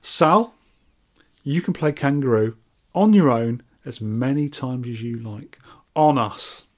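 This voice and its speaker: A man's voice: medium pitch, lively intonation, slow pace. A man co-hosting a podcast, reading listener comments and scores with wry, teasing asides. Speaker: podcast co-host.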